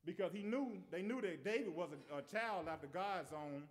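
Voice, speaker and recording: Brief: male preacher with a high voice, earnest sermon delivery, repeats himself. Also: normal speed. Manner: earnest, repeats and restarts words.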